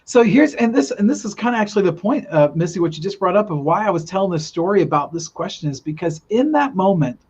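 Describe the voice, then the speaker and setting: An earnest man tells a spiritual story in loose, rambling podcast talk, often restarting his sentences. His voice sits a bit high for a man. The recording is dull and lo-fi. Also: expressive, quick pace, few pauses, darkish tone, slightly rough. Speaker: guest telling a spiritual vision. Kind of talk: casual storytelling in a podcast chat. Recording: dull lo-fi sound.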